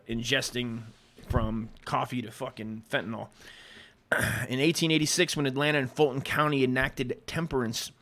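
A man hosting a casual history podcast, with a voice of middling pitch. He reads from his notes, trips over longer words, and keeps drifting into crude, rambling side remarks. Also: a bit bright. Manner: profane, rambling, stumbles over written words. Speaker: podcast host. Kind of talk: casual history commentary, reading aloud with asides.

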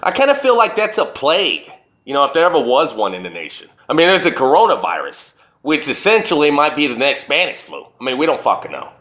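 A man ranting alone in a profane, animated way, firing off rhetorical questions as a show host. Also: a little high, quick pace. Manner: burping. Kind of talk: profane solo rant.

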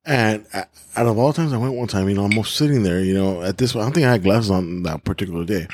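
A man's voice: fairly low pitch, fast, noisy background. A man hosting a podcast, telling crude stories with lots of swearing and laughter. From California. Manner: profane, laughing storyteller. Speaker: podcast host. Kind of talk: crude casual chat.

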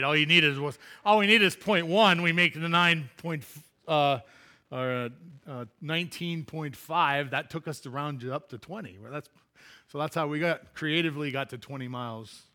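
A man's voice: medium pitch, pushed and bright. A man preaching as a pastor, telling a funny personal story in a chatty way and laughing at himself before turning to scripture.

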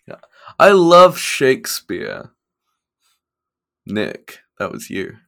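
A man's voice: medium pitch, huge pitch swings, extremely slow, vocal fry, pushed and bright. A man co-hosting a podcast in casual chat, with dry, teasing humor. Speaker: podcast co-host.

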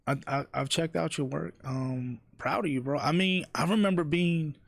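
Gravelly-voiced man telling stories. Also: fairly high pitch, normal speed, dry recording. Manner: storytelling, animated, imitates people he quotes. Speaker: interviewer and guest. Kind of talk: casual podcast chat.

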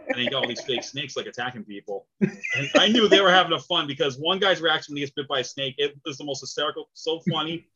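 Bright eager guy hosting an interview, laughs a lot, dull lo-fi sound. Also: medium pitch, quick pace, slightly rough. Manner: enthusiastic, laughs often. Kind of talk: casual interview chat. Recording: dull lo-fi audio.

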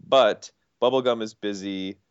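A man co-hosting a podcast, recapping cartoon episodes at length in a casual, animated way. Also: on the low side, measured pace, clear, resonant tone, dry recording. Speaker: podcast host. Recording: dull, dry podcast audio.

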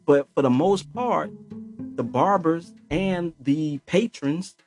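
A man's voice: on the high side, takes it slowly, faint music behind. A man in his forties hosting a podcast, talking loosely in a casual monologue with lots of slang and filler phrases. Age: 40s. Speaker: podcast host.

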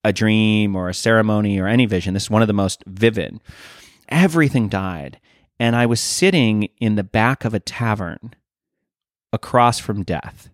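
Animated, earnest man telling a story. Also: fairly low pitch, normal speed, no echo, clean studio sound. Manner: animated, earnest, swears casually. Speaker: guest. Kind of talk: casual storytelling.

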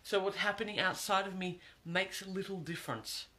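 A man's voice: high-pitched, moderate pace, pushed and bright. A man giving an earnest, reflective monologue, repeating phrases for emphasis.

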